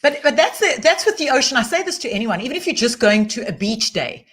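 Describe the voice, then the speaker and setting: A woman's voice: a little high, big pitch swings, quick pace, a bit bright, slight background noise. A South African woman hosting a live interview, asking questions and giving friendly safety advice. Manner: friendly, advising, encouraging. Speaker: host, coach.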